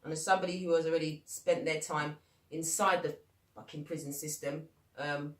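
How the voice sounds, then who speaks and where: A woman's voice: sits low, normal speed, far from the mic. Blunt woman in an echoey room. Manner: blunt, swears freely, lively storytelling. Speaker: podcast host. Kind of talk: casual chat.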